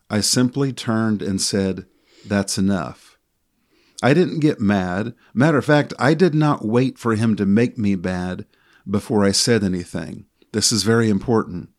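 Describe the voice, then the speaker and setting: A middle-aged man co-hosting a podcast, telling a story from his work as a sports official in a calm, measured way. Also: on the low side.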